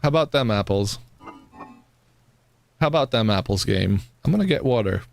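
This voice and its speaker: A man's voice: lowish voice, animated, normal speed, gravelly, faint music behind. A young man streaming a survival game, swearing at it and laughing in disbelief as things fall apart. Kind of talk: live gameplay commentary.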